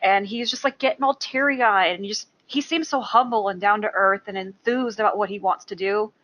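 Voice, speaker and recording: A woman's voice: mid-range voice, a little fast, fairly bright tone, muffled recording. A woman co-hosting a fan podcast in casual chat, earnest and repeating herself for emphasis. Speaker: podcast co-host.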